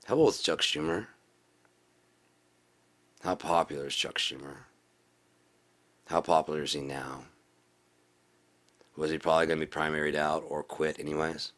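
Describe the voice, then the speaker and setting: A man giving a profane political rant in a video blog, repeating himself and rising into preachy shouting. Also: rumbling low, steady tone, moderate pace, long pauses. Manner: swearing, repetitive, builds to preachy shouting. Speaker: video blogger.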